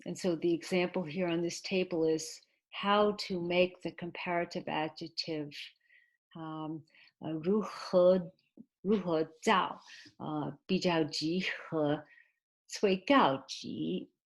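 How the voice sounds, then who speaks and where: A woman teaching an online English class, explaining slowly and patiently with many pauses and fillers, and giving Mandarin glosses for her students. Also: fairly low pitch, fairly even intonation. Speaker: ESL teacher.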